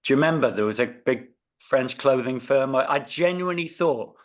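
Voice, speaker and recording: A man's voice: mid-range voice, animated, brisk. A man co-hosting a podcast, telling a story in casual chat, laughing and swearing now and then. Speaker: podcast co-host.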